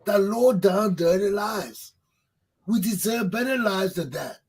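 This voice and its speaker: A man's voice: high voice, expressive, measured pace, a little mellow, husky, low-quality recording. A man, hosting a talk show, delivering a fervent political monologue that preaches, repeats points for emphasis and swears. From Liberia.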